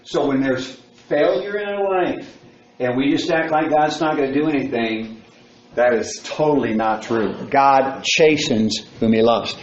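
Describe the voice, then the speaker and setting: A male preacher giving a sermon, telling a story dramatically and shouting its warnings. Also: mid-range voice, a little slow. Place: church sanctuary. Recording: muffled church recording with faint noise.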